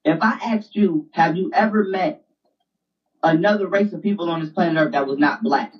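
A man's voice: fairly high pitch, moderate pace. A man in a heated casual argument, insistent and lecturing, repeating phrases as he pushes his point. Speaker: debater. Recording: distant dull lo-fi mic.

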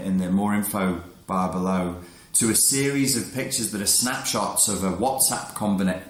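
A man talking in a frank, casual monologue, blunt and prone to restarting his sentences, who says he works with adolescents. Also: on the low side. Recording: echoey room.

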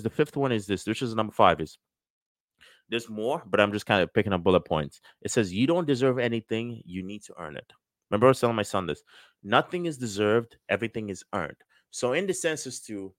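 A middle-aged man giving a casual motivational talk on sales and business, lively and acting out quoted voices. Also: fairly low pitch, dry recording. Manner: animated, acts out quoted voices.

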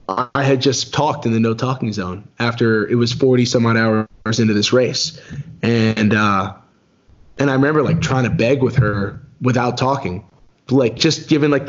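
A man guesting on a podcast tells a long race story in relaxed, conversational speech. His voice jumps up in pitch when he relives his frustration. The recording is slightly dull and lo-fi. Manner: animated, rises sharply when recounting anger. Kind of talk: casual storytelling.

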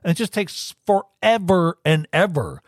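A man co-hosting a casual podcast, talking fast and swearing a lot as he gets worked up. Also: high voice, very animated, no room sound, clean studio sound. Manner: profane, gets worked up and shouts. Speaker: podcast co-host.

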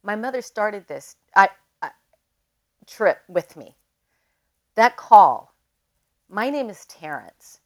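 A woman guest on a podcast, telling a personal story in a casual, animated way and leaning often on "like". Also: medium pitch, slow pace, pauses often. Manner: animated, emotional storyteller who leans on "like".

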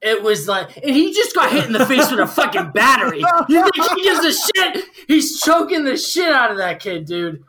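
A man's voice: very high-pitched, sing-song, moderate pace, hardly any pauses, bright, forceful tone. A tipsy man in his forties, a podcast guest, telling a story in a casual, profane way with lots of fillers. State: tipsy from drinking.

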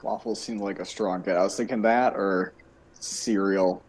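A man's voice: on the low side, steady tone, moderate pace, a little mellow, breathy edge. A young man co-hosting a casual podcast, chatting in dry, easygoing banter. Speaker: podcast co-host.

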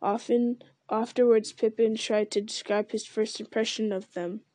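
A woman reading a novel aloud in a steady, unhurried storytelling manner. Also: fairly high pitch, no room sound. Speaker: reader.

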